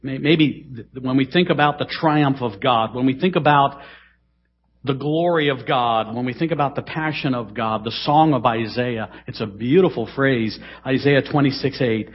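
A middle-aged man preaching a sermon in a church, dramatic, swinging between loud emphasis and hushed asides. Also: medium pitch, moderate pace, breathy edge. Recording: dull, lo-fi sermon recording.

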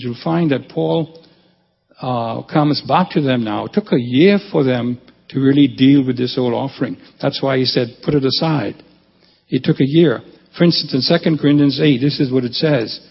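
Male pastor, gravelly and husky, animated sermon delivery, lo-fi church recording with long reverb. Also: mid-range voice, moderate pace. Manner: animated preaching, rising emphasis.

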